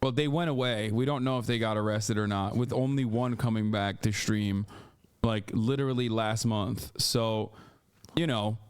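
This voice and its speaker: A man's voice: lowish voice, fairly even intonation, moderate pace, clear, resonant tone. A man hosting a live reaction stream, talking casually and breaking into heated, profane rants. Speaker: streamer host.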